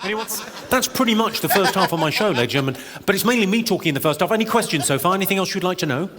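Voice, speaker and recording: A man doing stand-up comedy with deadpan, quick one-liners in a large theatre. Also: high voice. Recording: live theatre with long reverb and loud noise.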